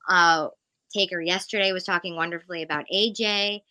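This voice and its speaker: Excitable rambling woman, bright and dry. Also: lowish voice, brisk, no echo. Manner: excitable, rambling, jumps between thoughts. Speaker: podcast co-host. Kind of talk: casual fan chat.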